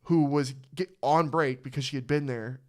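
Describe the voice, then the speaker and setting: Smooth-voiced man telling rambling stories. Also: medium pitch, steady tone, moderate pace. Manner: profane, rambling storyteller. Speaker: podcast host. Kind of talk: casual storytelling chat.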